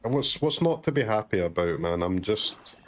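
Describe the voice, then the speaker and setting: A man's voice: lowish voice, lively intonation, moderate pace, slight background noise. A man from Glasgow streaming a card game and chatting sarcastically, joking and swearing freely in a neutral streamer voice. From Scotland, Glasgow. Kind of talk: casual commentary while gaming.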